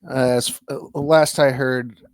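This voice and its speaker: A man's voice: mid-range voice, fairly even intonation, measured pace, clean tone, no room sound, studio quality. A young man co-hosting a podcast in a loose, rambling chat, full of restarts and self-mocking asides. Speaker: podcast co-host. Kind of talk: casual chat.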